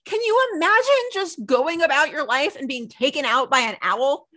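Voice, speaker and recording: A young woman co-hosting a casual recap chat, telling the story with lively acted-out quotes. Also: high voice, normal speed. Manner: animated storytelling, acts out quotes. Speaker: podcast co-host.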